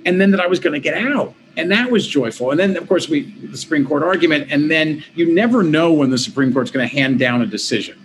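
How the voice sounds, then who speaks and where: A middle-aged man, an interview guest, telling his story in a lively, conversational way, with quick restarts and quoted voices. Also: on the high side, noisy background. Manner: animated, quick restarts, quotes himself and others.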